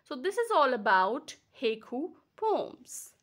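A woman teacher from Kashmir with an Indian English accent, patiently explaining a lesson and repeating words slowly, syllable by syllable. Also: sits high, very animated. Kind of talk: slow classroom explanation.

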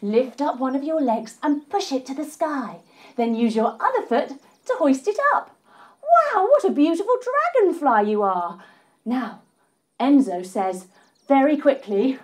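A playful, encouraging woman tells a story while leading children through yoga poses. Her voice is high and swoops widely. She speaks at an unhurried pace. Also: sing-song, breathy edge. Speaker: kids yoga teacher.

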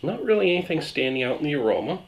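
A man hosting a beer review vlog, talking in a relaxed, rambling, self-deprecating way. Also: a little high, very fast. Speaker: beer reviewer, channel host.

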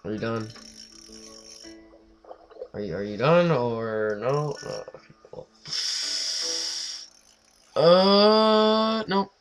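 Gamer, let's play commentary, lively swooping pitch, dramatic scolding, faint game music behind. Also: very slow, long pauses. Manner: frustrated, dramatic, scolds the game's fish.

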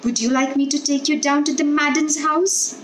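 A woman doing an excitable, anxious mother. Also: high-pitched, moderate pace, a little hiss or hum, voice pushed up, lightly acted, rough recording.

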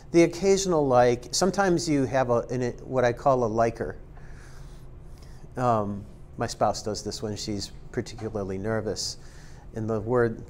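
A man's voice: medium pitch, darkish tone, slight background noise. A man giving a casual spoken tutorial as an instructor, rambling with lots of ums and likes and making self-aware, joking asides. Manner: rambling and filler-heavy, many ums and likes. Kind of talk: casual screen-recorded tutorial talk.

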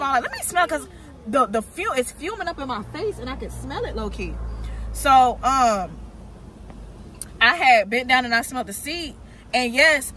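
Animated woman vlogger, bright voice. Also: sits high, a little hiss or hum. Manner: animated storytelling, exasperated, talks to viewers as "y'all". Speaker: vlogger, mother. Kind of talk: casual vlog chat. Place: in a car, then outdoors at a park.

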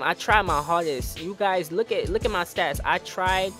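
A young man commentating his own basketball video game play for viewers, animated and exasperated at his teammates. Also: sits high, moderate pace, rough recording. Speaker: gaming YouTuber. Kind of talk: live gameplay commentary. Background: game music and sound.

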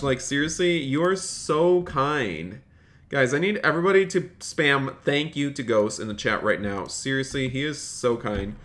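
A man gives live-streamed gameplay commentary, chatting away, thanking viewers by name and addressing "you guys" a lot. His voice is medium-pitched with a fairly bright tone, at a moderate pace.

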